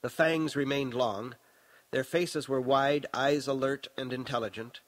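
A man narrating his own novel in a measured, dramatic audiobook reading. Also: mid-range voice, steady tone, no room sound, poor audio.

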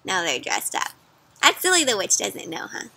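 A woman's voice: medium pitch, moderate pace, vocal fry, husky. A woman doing an interactive read-aloud for children, stopping often to ask them questions. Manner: asks children questions, animated. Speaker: storyteller.

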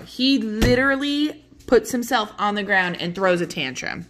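A woman's voice: mid-range voice, normal speed, fairly bright tone. A woman teaching a class, retelling a play in casual words and often checking in with "okay?". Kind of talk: explaining a play to students.

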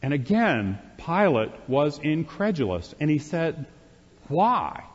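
A priest preaching a sermon, retelling a scripture story in a conversational way with wry asides to the congregation. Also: male voice, mid-range voice. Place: church sanctuary. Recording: dull, reverberant church recording.

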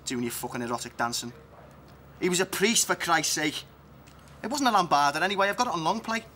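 A man's voice: fairly high pitch, animated, brisk, bright, forceful tone, slight background noise. An actor playing a jealous, foul-mouthed man who rants and makes threats in a TV comedy. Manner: accusing, ranting, threatening.

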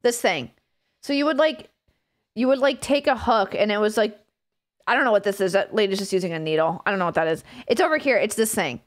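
In a mid-range voice and at a fairly quick clip, a woman in her thirties keeps up relaxed live-stream chatter, giggling a lot and cursing freely.

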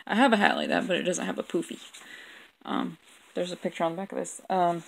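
A woman's voice: on the low side, wildly swooping pitch, a little fast, vocal fry, a little hiss or hum, rough recording. A young woman vlogging casually, rambling and mocking herself with lots of ums. She has a sore throat and keeps smacking her lips. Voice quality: lip-smacking. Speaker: vlogger reviewing her old drawings. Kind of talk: casual chat.

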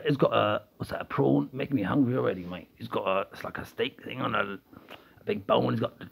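A man's voice: mid-range voice, a little fast, vocal fry, husky, poor audio. A man giving playful, rambling commentary while playing a mobile game, often wandering off on tangents.

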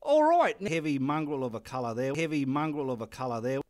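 This artist, a middle-aged Australian man, talks fast in a mid-range voice while working on a painting behind the scenes. He jokes, curses without restraint, gives directions and mutters instructions to himself.

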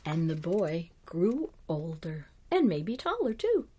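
A woman reading a children's picture book aloud, slow and expressive, sometimes dropping to a hush. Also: fairly low pitch, breathy edge. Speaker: children's story reader.

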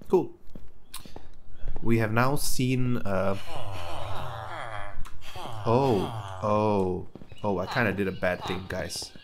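A man's voice: lowish voice, steady tone, drawn-out words, pauses often, crowd noise. A young man giving casual gameplay commentary, chatty and easily surprised, stammering as he talks to the characters on screen. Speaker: let's play gamer.

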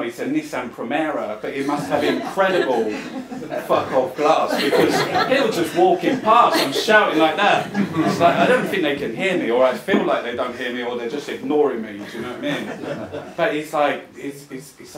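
A man's voice: a little high, normal speed, a loud crowd. Impassioned rambling man at a talk. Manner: rambling and impassioned, with frequent restarts and swearing. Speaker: artist giving a talk. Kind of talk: informal talk to an audience. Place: arts club venue, talking to a live audience. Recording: roomy venue sound, mic at a distance.

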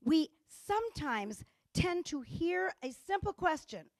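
A middle-aged woman gives a conference lecture with a high, bright-sounding voice. She plays out bits of dialogue with comic timing, and her sound is dry and close. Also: very animated, slow, no echo. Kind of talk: conference talk. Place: conference stage.

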